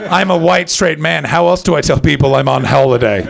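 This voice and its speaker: A man's voice: on the high side, fairly quick, creaky. A young Canadian man with a Canadian accent doing a chatty, sarcastic stand-up set and bantering with the crowd at a comedy club. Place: comedy club before a live audience.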